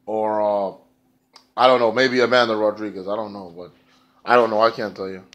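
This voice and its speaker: A man's voice: on the low side, level tone, normal speed, a bit bright. A man casually reviewing a wrestling show, rambling, sarcastic and profane.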